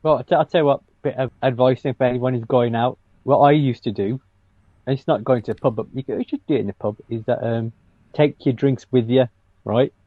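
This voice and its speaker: A man bantering on a podcast, loose and jokey, with quick jumps into squeaky comic voices. The recording is a little dull and lo-fi, with a dry, close sound. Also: no echo. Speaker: podcast co-host and comedian. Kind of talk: casual banter.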